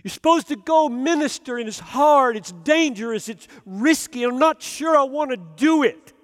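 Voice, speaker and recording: A man preaching a sermon, earnest and emphatic, often dropping to soft, low tones. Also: expressive, moderate pace, in a large hall.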